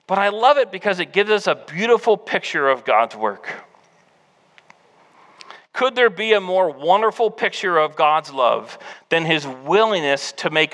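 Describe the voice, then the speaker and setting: A man's voice: sits high, sharp tone, long reverb tail. A man preaching an earnest, exhorting sermon as pastor.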